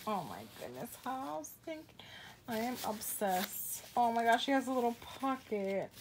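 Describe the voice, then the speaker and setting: A woman's voice: a little high, measured pace, background noise. A woman vlogger in casual unboxing chat at home, gushing and exclaiming often, trailing off mid-sentence. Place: home with a pet bird.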